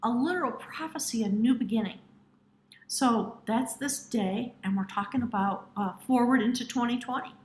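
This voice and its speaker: A woman giving an intuitive tarot reading to camera, speaking earnestly and directly to the viewer, sometimes dropping into hushed, drawn-out phrases. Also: on the high side, echoey room, poor audio. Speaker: tarot reader.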